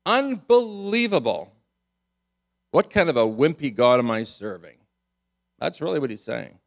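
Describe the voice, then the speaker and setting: A man preaching a sermon as pastor. He tells the story in an animated, amused way, chuckling often and repeating words as he drives a point home. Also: mid-range voice, unhurried, vocal fry.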